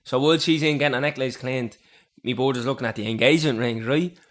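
A podcast co-host who talks very fast. He tells anecdotes in loose, slangy casual chat and swears freely, his voice sitting at a middle pitch. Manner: rapid slangy storytelling with swearing.

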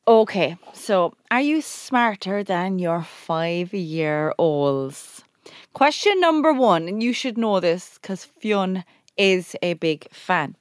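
A woman's voice: lowish voice, lively intonation, no echo, studio quality. Blunt Cork woman co-host. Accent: Irish, Cork. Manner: brisk, blunt, teasing quizmaster. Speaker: podcast co-host. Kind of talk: casual chat.

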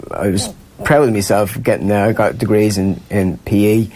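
An Irish man appears as a guest, telling stories in a rambling, chatty way, laughing often and restarting a lot. His voice is lowish and darkish, with a steady tone at normal speed.

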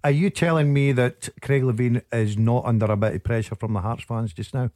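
A man's voice: mid-range voice, steady tone, a little fast, darkish tone, dry recording, studio quality. A man giving strong football opinions on a radio show. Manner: emphatic, opinionated. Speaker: football pundit. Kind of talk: casual sports radio chat.

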